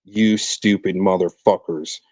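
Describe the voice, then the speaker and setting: A man's voice: sits low, fairly even intonation, unhurried, no echo. A man hosting a livestream, ranting and hurling profane insults. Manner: profane, shouting insults, aggressive. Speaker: stream host. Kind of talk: heated livestream rant.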